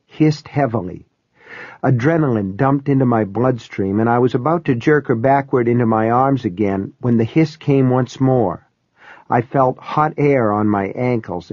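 A man narrating a first-person horror story in a measured, steady way. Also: medium pitch, no echo. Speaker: audiobook narrator. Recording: dry, dull lo-fi recording.

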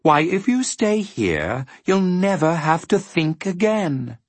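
A man voicing a smooth, soothing male demon who coaxes others to stay and stop thinking. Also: sits high, very animated, slow, no room sound, pitched above the performer's own voice, exaggerated voice. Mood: coaxing. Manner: soothing, coaxing.

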